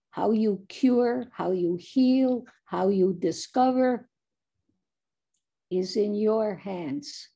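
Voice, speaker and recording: A woman's voice: medium pitch, creaky, mellow, breathy edge. A woman giving an earnest commencement speech to medical graduates, exhorting and telling a parable. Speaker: commencement speaker.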